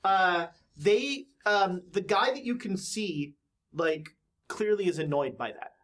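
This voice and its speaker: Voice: medium pitch, animated, takes it slowly, a bit bright. A game master narrating a tabletop horror game, hesitant, with many fillers and restarts.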